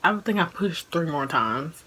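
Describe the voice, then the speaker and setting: A woman in her twenties tells a casual personal story for her vlog, laughing as she goes and saying "like" a lot. Her voice is low, husky, bright and forceful, animated but at a measured pace. The audio is poor.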